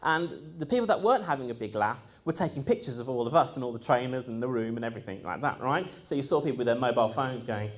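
Man telling animated stories. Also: medium pitch, fast, few pauses. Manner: animated, breaks into laughter, mimics people he quotes; frequent ums and uhs, conversational. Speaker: speaker recounting his experience. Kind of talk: anecdotal storytelling to a live audience.

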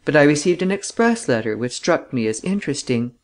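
A man reading the part of a stern, determined gentleman investigator who presses hard for the truth. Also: on the high side, lively intonation, fairly quick, close to an everyday voice. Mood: insistent.

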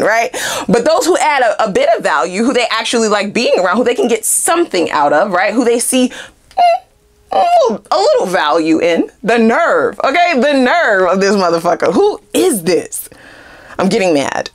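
Animated, laughing woman tarot reader. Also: medium pitch. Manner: animated and profane, laughing often. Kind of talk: casual tarot reading.

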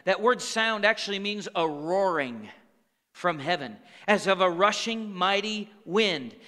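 A man with a high, bright, ringing voice preaching a sermon. He talks to the congregation conversationally and throws in call-and-response asides. The sound carries a long hall reverb from the church sanctuary. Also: lively intonation, measured pace. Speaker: pastor.

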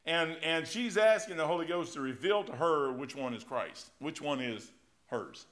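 Folksy, animated pastor. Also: male voice, on the high side, moderate pace. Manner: folksy, animated preaching with loud swells and quiet drops. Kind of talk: sermon.

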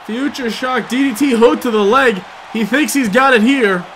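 A man doing sports-style play-by-play commentary, moving from steady calls to loud, shouted excitement. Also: very high-pitched, normal speed, slight background noise. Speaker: commentator for his own gameplay video.

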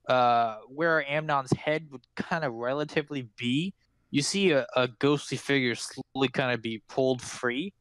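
A man's voice: medium pitch, fairly bright tone, smooth, dry recording. A man as game master, narrating a tabletop game in a casual, filler-heavy way.

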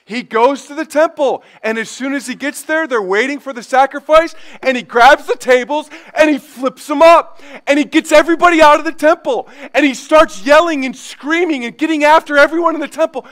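A man pastor preaching a sermon, building from quiet stretches to loud, emphatic passages. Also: very high-pitched, a little fast, hardly any pauses.

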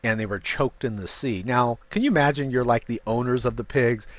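A man's voice: medium pitch, a little fast, dry recording. A man leading a Bible study, reading King James verses aloud and breaking in with informal, chatty asides. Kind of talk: scripture reading with casual commentary.

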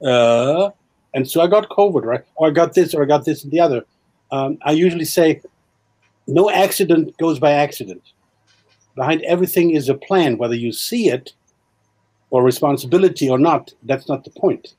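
A man hosting a talk show, who speaks haltingly and searches for his words. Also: fairly high pitch, a little mellow, rough recording. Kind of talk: casual interview talk.

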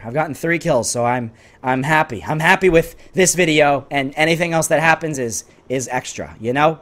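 A young man giving excitable, frustrated commentary over his own gameplay, yelling and trash-talking opponents. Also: fairly high pitch, moderate pace. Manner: sarcastic trash talk. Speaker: gaming YouTuber.

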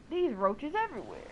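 A young woman streaming a game, riffing in casual, profane bursts. Her pitch swings widely as she grows exasperated. A faint hiss of noise sits under her voice. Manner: profane, exasperated, talks to chat. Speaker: gamer streamer. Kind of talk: casual gameplay commentary.

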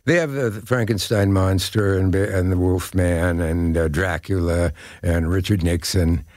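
A man in his eighties from Nebraska, a guest telling rambling anecdotes and pausing to hunt for names. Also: low-pitched, fairly even intonation, darkish tone, no room sound, studio quality. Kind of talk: casual interview chat.

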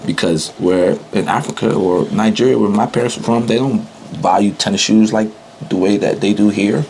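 A man's voice: fairly low pitch, moderate pace, a little mellow, a little hiss or hum, low-quality recording. Laid-back young man, loose slangy talk. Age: young adult. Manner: loose and slangy, laughs often. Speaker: interviewee. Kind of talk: casual chat.

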